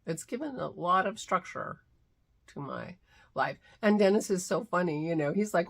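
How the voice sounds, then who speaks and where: A middle-aged woman hosting her daily vlog, talking heartfelt and soft, sometimes dropping to near-whispers. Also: lowish voice, sing-song, brisk, creaky. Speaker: vlog host. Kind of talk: casual morning vlog talk.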